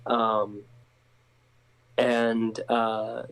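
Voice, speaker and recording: A man's voice: medium pitch, monotone, very slow, gravelly, clean tone, rough recording. A male actor being interviewed, with a mid-range voice. He stumbles through restarts and fillers, then laughs at himself with self-mocking jokes. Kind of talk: casual interview.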